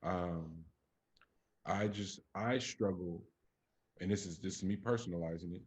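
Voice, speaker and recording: A man co-hosting a podcast in casual chat, talking emphatically with plenty of profanity and rising to animated peaks. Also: sits low, unhurried. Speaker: podcast co-host.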